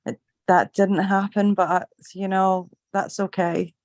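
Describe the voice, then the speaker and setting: A middle-aged woman from Scotland with a Scottish accent softened by a slight Australian twang, chatting in an upbeat way and swearing casually. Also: medium pitch, little pitch movement, slow, no room sound. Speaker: group call participant. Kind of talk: casual chat.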